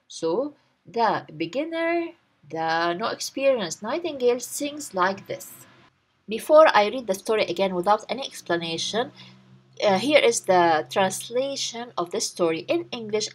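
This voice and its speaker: Using a medium-pitched voice with a breathy edge, a woman reads a short story aloud as a language lesson. After each line she translates it and explains every word and phrase.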